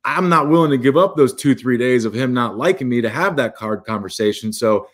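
A man's voice: medium pitch, expressive, a little fast. A man in his thirties, a former baseball player, talking earnestly and reflectively as a podcast guest. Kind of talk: casual chat.

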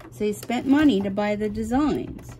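Woman vlogger, mid pitch, chatty and flustered; camera mic in a noisy home room. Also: moderate pace, warm tone. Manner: flustered, chatty, apologetic to viewers. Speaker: embroidery vlogger. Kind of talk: casual how-to chat while working. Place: home sewing room with window open and ceiling fan. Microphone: camera mic, no microphone on.

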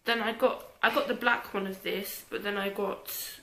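A woman's voice: medium pitch, steady tone, moderate pace, pushed and bright, roomy sound, poor audio. A tired young British woman chatting casually through a clothing haul, self-mocking and muttering asides. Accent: British English. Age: young adult. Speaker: YouTuber.

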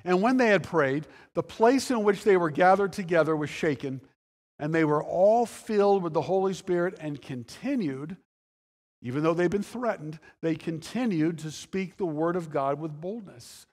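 A man's voice: on the high side, lively intonation, normal speed, a little mellow, in a large hall. A male pastor delivering a conversational sermon, full of restarts and quoted dialogue that he acts out. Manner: conversational preaching with restarts and dramatic quoted voices. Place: church sanctuary.

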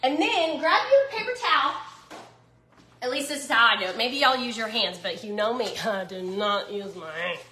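A high, lively-voiced woman with a Southern US drawl talks her audience through a recipe in a casual cooking vlog. Her tone is bright and folksy, full of self-teasing asides. The sound carries the echo of a home kitchen. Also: normal speed, slight background noise.

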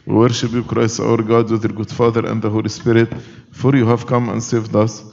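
Male clergy voice, solemn liturgical recitation, mellow tone, long church reverb. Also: on the low side, little pitch movement, brisk, vocal fry, muffled recording.

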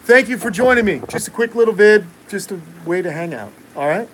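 A man's voice: high voice, a little fast, a little hiss or hum, poor audio. Chatty New York man on a live stream. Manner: relaxed, chatty, many uh fillers, jokey asides. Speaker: reptile keeper and channel host answering live chat. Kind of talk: casual live-stream chat.

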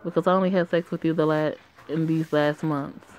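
A woman's voice: deep voice, fairly even intonation, brisk, a little mellow, lightly acted, poor audio. A woman reading the lines of an insistent young ex-lover in a plain, lightly acted voice.

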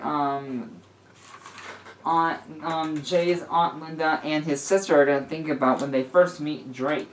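A man's voice: fairly high pitch, fairly even intonation, measured pace, low-quality recording. A man casually reading a story aloud, often stumbling and correcting himself. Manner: stumbling, with frequent restarts and self-corrections. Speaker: story reader.

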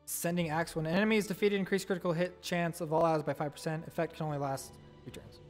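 A man streaming live gameplay, reading out game text and reacting excitably to each summon, pleading and groaning at bad luck. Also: fairly high pitch, fast, faint music behind. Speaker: gaming streamer.

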